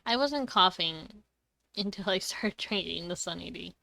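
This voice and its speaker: A young woman streams a farming game, offering casual commentary, chatting with the on-screen characters and often laughing and coughing. Her voice is lowish, lively in intonation and a little slow, creaky, pushed and bright, with no room sound.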